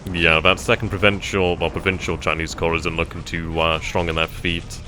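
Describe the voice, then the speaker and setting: A man thinking aloud as he plays a strategy game, trailing off mid-sentence and bursting into giddy excitement at good news. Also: low voice, normal speed, noisy background. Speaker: let's play gamer.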